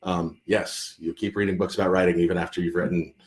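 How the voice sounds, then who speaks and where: Stammering low-voiced man chatting on a live stream. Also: level tone, quick pace. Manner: rambling, stammering with many restarts and fillers. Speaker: author hosting a live Q&A. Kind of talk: casual live-stream chat. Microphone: computer or phone mic on a live stream.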